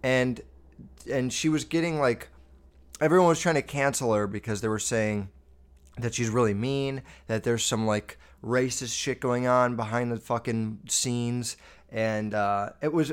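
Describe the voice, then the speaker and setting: A podcast host sounds off about what annoys him. His manner is loose and animated, and he swears in nearly every sentence. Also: medium pitch, measured pace, clean tone. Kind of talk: casual ranting monologue.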